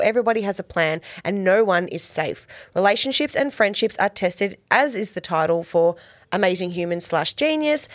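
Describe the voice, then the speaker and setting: A woman's voice: medium pitch, no room sound. Chatty woman podcast co-host. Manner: chatty, laughs often, reads synopses aloud. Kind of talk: casual TV recap chat.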